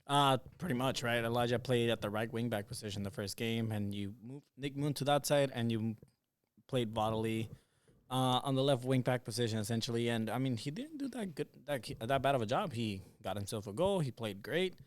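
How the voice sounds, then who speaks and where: A man co-hosting a casual soccer podcast, giving relaxed, conversational analysis. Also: medium pitch, fairly quick, dry recording. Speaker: podcast co-host. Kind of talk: casual sports podcast chat.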